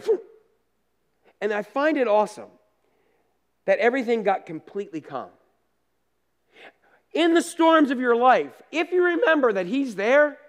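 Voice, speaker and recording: A pastor preaching a sermon in a conversational storytelling way, with down-to-earth asides, moving between loud bursts and quiet remarks. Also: male voice, very high voice.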